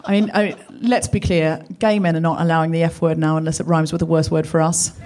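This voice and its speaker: A woman co-hosting a live comedy podcast, telling a self-mocking story in an animated way. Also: low voice, brisk, background noise. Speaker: co-host.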